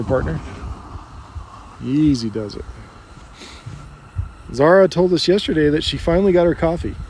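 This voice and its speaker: A folksy rancher chats on a live stream outdoors, chuckling between lines and talking easily to his animals. His voice sits a little high for a man, with a warm, mellow tone. Faint outdoor noise hums behind him. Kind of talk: casual live-stream chat.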